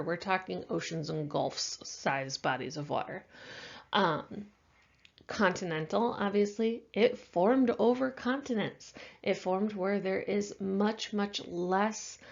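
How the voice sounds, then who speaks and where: A woman teacher giving a recorded science lecture in a casual, unhurried way, with many fillers, and sounding tired. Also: medium pitch, vocal fry, dull audio. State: yawning, tired.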